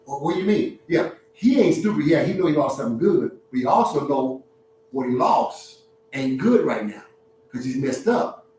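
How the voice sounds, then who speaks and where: A man hosting a relationship talk, giving blunt, preachy advice to an audience in an animated, streetwise way, laughing at his own points. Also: medium pitch, normal speed, very echoey, recorded from a distance, a little hiss or hum, rough recording.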